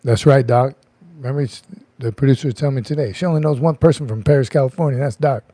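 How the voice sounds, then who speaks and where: A man's voice: mid-range voice, quick pace, warm tone, no echo. A middle-aged man hosting a casual livestream, chatty, joking and greeting viewers by name. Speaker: livestream host.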